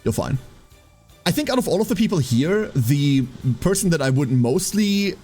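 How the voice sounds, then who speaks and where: A man's voice: fairly high pitch, very animated, normal speed, a little mellow, faint music behind. A man chatting casually on a live stream while playing a game, swearing freely and laughing often.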